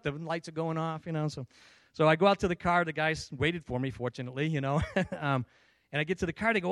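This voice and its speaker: A man's voice: a little high, fairly quick, dry recording. A man giving a personal church testimony, telling his story with emotion, many restarts and acted-out dialogue.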